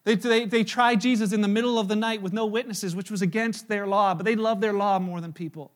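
A man preaching a sermon, retelling a story and acting out the quotes in lively voices, sometimes dropping to a hushed tone. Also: high-pitched, brisk. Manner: animated storyteller, voices crowd quotes, drops to hushed tones. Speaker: pastor. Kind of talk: sermon with acted-out dialogue.

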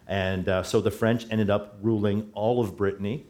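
A man's voice: lowish voice, steady tone, normal speed, a little mellow. A middle-aged man preaching a sermon in a church, talking conversationally and correcting himself as he goes. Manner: conversational, self-correcting, chuckles at slips. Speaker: pastor.

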